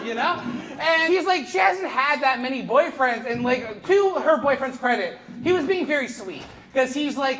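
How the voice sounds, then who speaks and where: A Canadian man in his thirties doing live stand-up comedy on a theater stage, animated and profane, working the crowd and breaking into shouts. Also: very high voice, normal speed. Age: 30s. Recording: echoey theater with loud crowd laughter. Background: audience laughter.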